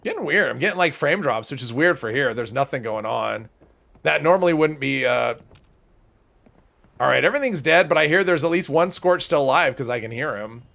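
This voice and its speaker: A man with a stuffy nose rambling through casual livestream commentary, his voice a touch high and gravelly with fry. He thinks out loud as he plays. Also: expressive, a little fast. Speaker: gaming streamer.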